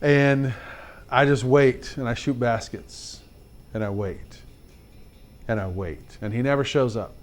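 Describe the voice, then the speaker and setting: Brief: male teacher, animated storytelling lesson for kids, chatty, asks the class direct questions, mid-range voice. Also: mid-range voice, slow pace, long pauses. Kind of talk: storytelling lesson for fifth graders.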